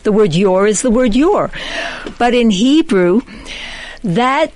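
Woman host, fairly high voice, thoughtful, affirming, dry close sound. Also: animated, slow, a little mellow, no echo, rough recording. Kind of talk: reflective religious discussion.

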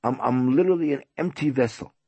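A man's voice: medium pitch, quick pace, a little mellow, slightly rough, muffled recording, pitched above the performer's own voice, close to an everyday voice. A man voicing a humble holy man who insists he knows nothing. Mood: modest. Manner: pleading, self-effacing.

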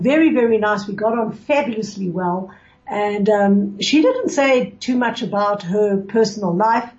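A woman's voice: mid-range voice, a little mellow, highs cut off. A woman hosting a radio show, talking earnestly about mourning customs and telling a personal story, with many fillers and restarts. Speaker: radio host. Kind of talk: reflective radio talk on religious law.

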